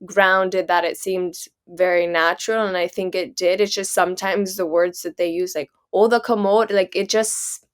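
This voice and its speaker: A woman's voice: on the low side, level tone, moderate pace, clean tone. A young woman co-hosting a casual podcast, thinking aloud with constant "like" and many restarts. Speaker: podcast co-host. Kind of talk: casual chat.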